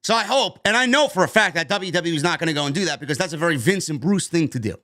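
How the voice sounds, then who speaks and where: High-voiced, blunt, ranting man. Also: animated, racing, bright, forceful tone. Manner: emphatic and blunt, swears freely. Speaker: wrestling news podcast host. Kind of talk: opinionated news rant.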